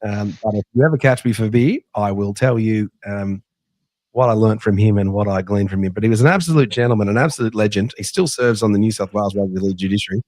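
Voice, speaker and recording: An Australian man hosting a casual sports podcast, telling an animated anecdote in a chatty way. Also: fairly low pitch, fast, no echo, studio quality. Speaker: podcast host.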